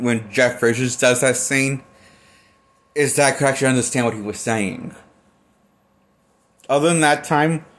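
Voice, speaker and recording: A man giving a casual film review as a movie critic, blunt and profane, rambling and restarting his sentences often. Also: medium pitch.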